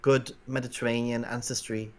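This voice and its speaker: A man's voice: medium pitch, level tone, moderate pace. A man from Gibraltar, a guest vlogger explaining things in casual livestream chat with many fillers.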